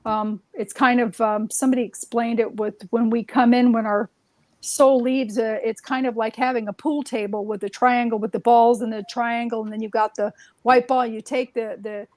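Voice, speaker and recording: A woman's voice: fairly high pitch, steady tone, normal speed, darkish tone, no echo, low-quality recording. A woman telling stories in a casual, rambling way, full of "um"s and restarts. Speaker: guest. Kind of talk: casual conversational storytelling.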